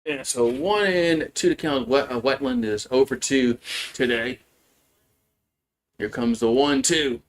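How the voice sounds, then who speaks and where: A man calling a softball game play by play on a live stream from home, in a casual, chatty way. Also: medium pitch, a little slow, long pauses. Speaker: play-by-play commentator. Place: at home with a barking dog.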